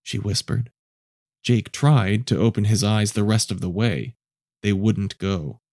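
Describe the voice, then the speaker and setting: Man narrating an audio story, measured. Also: on the low side, a little mellow, no echo, clean studio sound. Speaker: narrator and producer.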